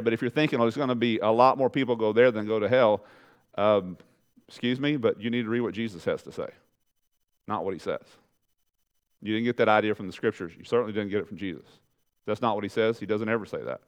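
A male pastor delivers a sermon in a lively, conversational way. He speaks straight to the congregation, climbs high and loud on his questions, and sinks to a low, quiet voice for emphasis. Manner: animated preaching, rising loud on questions and dropping low and soft for emphasis.

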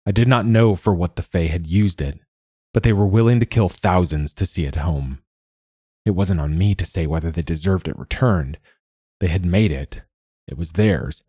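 Husky deep-voiced male storyteller. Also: normal speed, warm tone, no room sound, clean studio sound. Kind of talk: first-person story narration.

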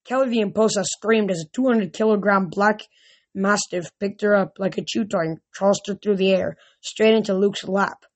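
A woman with a voice of middling pitch reads a novel aloud. She stumbles over words now and then and starts over. She raises her voice when characters shout. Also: normal speed. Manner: reads aloud with frequent slips and restarts. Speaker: reader. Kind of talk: amateur audiobook reading.

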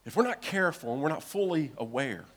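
In a church sanctuary, a male pastor delivers a sermon, retelling a story with acted-out dialogue. His expressive voice moves fast, swinging between hushed, low lines and loud, urgent ones.

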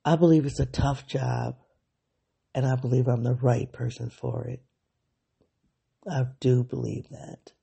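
Gravelly, husky podcast host thinking aloud. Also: medium pitch, level tone, a little slow, long pauses, warm tone. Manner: candid, thinking aloud, self-analyzing. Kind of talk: reflective solo diary podcast.

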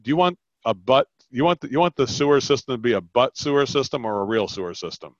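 A man's voice: mid-range voice, fast talker, no echo. A man coaching a caller on sales, acting out both sides of the conversation. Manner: animated, acts out both sides of a sales call. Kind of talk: coaching call, role-playing sales talk. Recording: dull lo-fi call audio.

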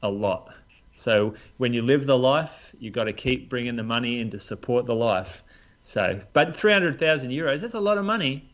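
A man's voice: medium pitch, lively intonation, normal speed, lo-fi sound. A man, a podcast co-host and running coach, giving opinions in casual chat.

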